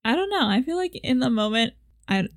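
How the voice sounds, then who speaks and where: A woman's voice: a little high, big pitch swings, fairly quick, no room sound. Chatty young woman co-host, dry mic. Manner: chatty, laughs often, asks questions. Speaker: podcast co-host. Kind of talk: casual chat.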